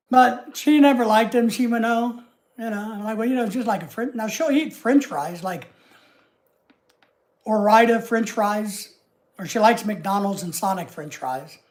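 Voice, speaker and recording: Southern us lady rambling on her livestream, easygoing chat with lots of asides, middle-pitched voice. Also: animated, measured pace, a little mellow. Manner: rambling and homey, chatting easily with frequent asides. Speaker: livestream host. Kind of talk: casual livestream chat with viewers.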